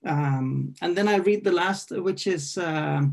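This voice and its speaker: A man reading his own poem at an online poetry event. He hesitates and corrects himself while introducing it, then reads in a measured, questioning way. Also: high voice, creaky. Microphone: video call.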